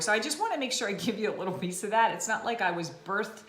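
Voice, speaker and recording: Chatty, slightly hoarse woman in an echoey room. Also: medium pitch, animated, fast, hardly any pauses, a bit bright. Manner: chatty, self-deprecating, laughs often. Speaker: fitness vlogger. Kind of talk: casual chat to camera.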